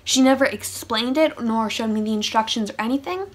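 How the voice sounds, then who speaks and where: Woman vlogger, casual storytime, slightly high voice, sarcastic asides. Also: fairly quick.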